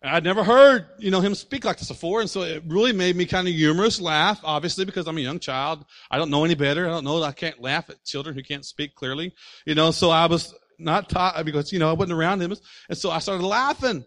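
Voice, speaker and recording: A man preaching a sermon as pastor, animated and full of rhetorical questions to his congregation. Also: a little high, quick pace.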